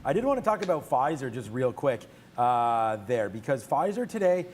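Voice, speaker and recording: A hoarse man co-hosting a trading stream, talking in a friendly, halting way with fillers. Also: medium pitch, sing-song, slight background noise. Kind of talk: casual chat.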